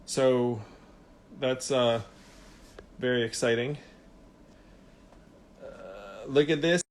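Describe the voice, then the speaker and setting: Relaxed man chatting on a live stream. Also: mid-range voice, drawn-out words, slight background noise. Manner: relaxed, rambling, many fillers and restarts. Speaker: host of an Instagram live Q&A. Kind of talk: casual live-stream chat. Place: his home.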